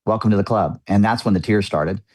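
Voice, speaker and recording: Recorded dry, a middle-aged musician guesting on a podcast speaks fairly quickly in a low-leaning, slightly mellow voice with a breathy edge. He tells a personal story in candid interview style, earnest and reflective, chatty with frequent fillers.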